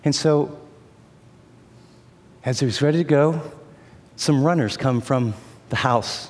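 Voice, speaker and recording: A man preaching a sermon as an animated storyteller who acts out the voices of the people in his story. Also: mid-range voice, slow, pauses often, long reverb tail.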